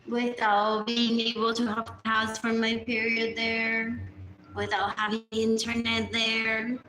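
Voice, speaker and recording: A woman's voice: on the high side, sharp tone. A woman talking alone on a phone livestream in a rambling way, repeating phrases and sometimes dropping to a whisper. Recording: echoey room with clear background noise.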